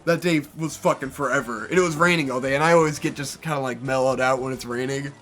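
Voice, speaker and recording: A man co-hosting a casual chat, telling a long story in an animated way and swearing freely. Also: medium pitch, fast talker, soft background music. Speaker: co-host.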